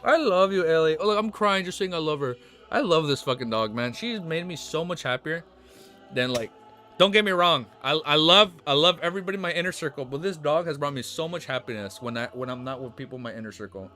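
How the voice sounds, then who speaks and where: A man's voice: a little high, fast talker, sharp tone, faint music behind. A young man streamer rambling casually through his outro from the floor at home, often breaking into playful baby talk with his dog. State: low energy.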